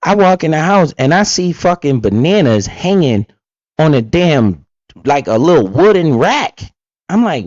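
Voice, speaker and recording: Man, casual reaction commentator, profane and blunt, fairly high voice, dry lo-fi recording. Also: normal speed, no room sound. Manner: blunt, profane, lively storytelling.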